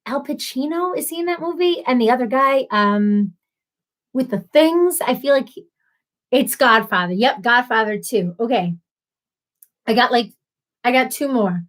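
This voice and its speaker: A woman's voice: on the high side, normal speed, pauses often, fairly bright tone. A woman hosting a casual live stream, chatting and laughing as she answers viewers by name. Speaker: livestream host.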